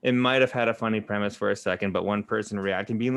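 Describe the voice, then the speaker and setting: A man hosting a casual chat, who rants with frequent swearing and sometimes talks in a flat monotone. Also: lowish voice, a little fast, vocal fry, no room sound. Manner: flat, monotone delivery at times. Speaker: podcast host.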